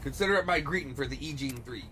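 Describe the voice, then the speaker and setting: A man's voice: mid-range voice, expressive, fast, over music. A young man doing casual let's play commentary, swearing and reading the characters' lines aloud with mild flair. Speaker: gameplay commentator.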